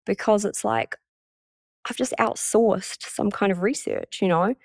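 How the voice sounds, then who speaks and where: A woman's voice: mid-range voice, a little slow, dry recording, studio quality. A woman hosting a solo podcast, talking in a chatty, candid way and swearing casually. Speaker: podcast host.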